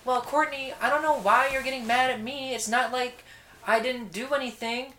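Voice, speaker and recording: A man mimicking a shrill defensive mom. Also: steady tone, normal speed, bright, forceful tone, reverberant, a little hiss or hum, low-quality recording. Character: defensive reality-TV mother and manager.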